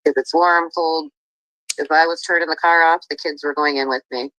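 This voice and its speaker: Low-voiced woman ranting on a stream. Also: fairly even intonation, moderate pace, fairly bright tone, no room sound, poor audio. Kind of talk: casual livestream talk.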